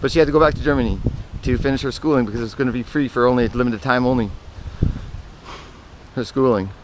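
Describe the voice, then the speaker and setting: Man, mid-pitched, casual storyteller, rambling and self-correcting; outdoor take with clear traffic noise. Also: fast talker. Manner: meandering, self-correcting, trails off into asides. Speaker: vlogger telling personal stories.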